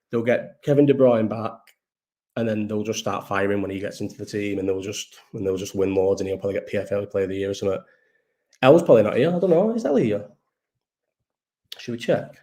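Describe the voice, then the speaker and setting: A man's voice: lowish voice, mellow. A tired man, hosting a live chat in a rambling casual way, swearing often and trailing off mid-sentence. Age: 30s.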